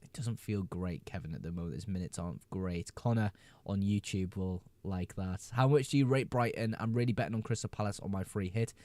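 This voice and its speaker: A man hosting a casual fantasy football live stream, reading viewer questions aloud, answering them quickly and laughing often. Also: sits low, mellow, no room sound.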